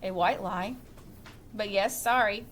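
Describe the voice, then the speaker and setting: Woman reading as a gentle, persuasive mom. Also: medium pitch, slow pace, slight background noise, voice pushed down. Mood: apologetic. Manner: soothing and persuasive. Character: a gentle, reassuring mother.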